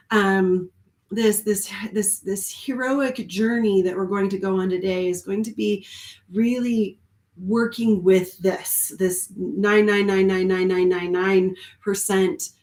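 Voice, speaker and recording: A woman's voice: mid-range voice, darkish tone, echoey room. A woman speaking as a spiritual coach on a live stream, talking earnestly and rambling with frequent ums and small laughs. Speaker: spiritual coach and card reader.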